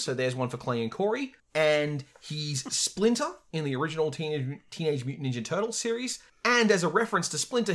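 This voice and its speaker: A man with a slightly raised voice, chatting casually on a podcast. He reels off trivia in quick asides and laughs often. His talk is loose and conversational. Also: a little high, fairly bright tone. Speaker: podcast co-host. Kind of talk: casual chat.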